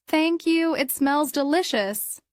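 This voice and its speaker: A woman's voice: sits high, slow pace, no room sound, clean studio sound, pitched above the performer's own voice. A woman voicing a polite young woman learning English, speaking carefully in simple phrases.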